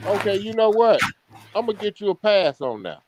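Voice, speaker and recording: A man's voice: high voice, very animated, brisk, background noise. A man on a live stream panel, probing and questioning the others in casual talk. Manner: probing, questioning, laughs easily.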